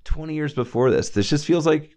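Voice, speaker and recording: A man's voice: fairly high pitch, brisk, darkish tone. A man co-hosting a casual podcast, laid-back and slangy, leaning on filler words. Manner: laid-back, slangy, says "dude" and "like" a lot. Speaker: podcast co-host. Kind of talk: casual chat reviewing a TV show.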